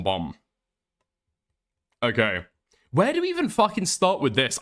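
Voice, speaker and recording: A man's voice: medium pitch, bright, forceful tone. A man hosting a commentary stream, rambling and swearing with laughing asides. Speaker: streamer host.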